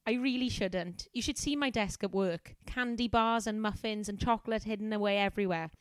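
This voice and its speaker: A woman's voice: mid-range voice, a little fast, clear, resonant tone, no echo, close to an everyday voice. A woman voicing a chatty young female office temp in a put-on Welsh accent, confiding and talkative.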